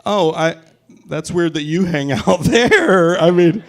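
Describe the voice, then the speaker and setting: A man's voice: sits high, slow. A young man doing a stand-up set in a brewery, brash and profane, working the crowd with punchy jokes. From Pacific Northwest, USA. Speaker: stand-up comedian. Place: brewery, live audience.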